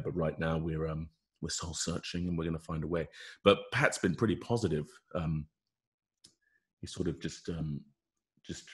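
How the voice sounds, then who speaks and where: A man, a rugby player, chatting in a laid-back way with lots of fillers and trailing thoughts. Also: rumbling low. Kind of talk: casual chat.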